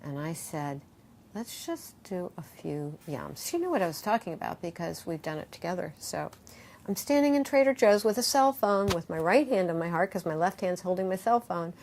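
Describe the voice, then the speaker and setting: A middle-aged woman, a yoga teacher and author, talks in an interview in a lively, expressive way, acting out quoted voices and guiding breathing exercises. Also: on the low side, fairly quick, slight background noise. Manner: animated, acts out quoted voices, guides breathing.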